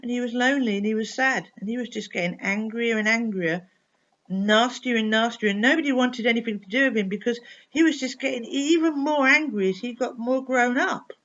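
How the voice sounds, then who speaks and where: A woman's voice: a little high, fairly quick, a bit bright. A woman telling a children's story expressively, asking her listener questions along the way. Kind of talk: bedtime story reading for children. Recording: dull lo-fi recording.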